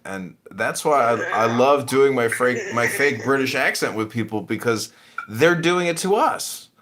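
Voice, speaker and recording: A man hosting a podcast in casual, profane chat, mocking and animated. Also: medium pitch, normal speed. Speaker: podcast host.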